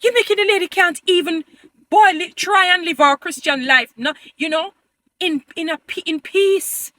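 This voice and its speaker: A vlogger delivers an emphatic, pleading opinion piece to her viewers, calling them "beautiful people" and often turning preachy. Her very high, bright voice sounds pushed and moves at a moderate pace in a dry recording.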